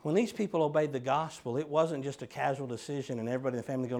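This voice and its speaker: A middle-aged man, preaching a sermon with animated swings from quiet talk to loud fervor. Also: mid-range voice, racing, gravelly.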